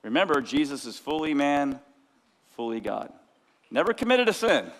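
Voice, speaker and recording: Pastor guy preaching loud and lively, kinda high voice, big echoey church. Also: normal speed. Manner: energetic preaching, acts out disciples' cries. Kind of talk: sermon. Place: church sanctuary. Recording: long church hall reverb.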